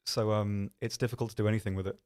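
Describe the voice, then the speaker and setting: A man's voice: lowish voice, little pitch movement, very fast, darkish tone, clear, resonant tone. A man hosting a live stream, chatting casually in a rambling, self-deprecating way with lots of ums. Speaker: stream host.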